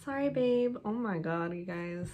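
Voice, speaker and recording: A woman's voice: lowish voice, expressive, a little slow, highs cut off. A young woman casually chatting to viewers while pranking her boyfriend, laughing often and making playful asides. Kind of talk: casual prank vlog chat.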